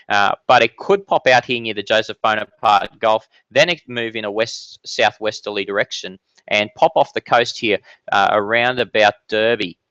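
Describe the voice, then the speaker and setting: A man's voice: lowish voice, fairly bright tone, dry recording, lo-fi sound. A man hosting a casual live-stream Q&A from his home office, chatty and upbeat with many fillers and restarts. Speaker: weather channel host answering viewer questions.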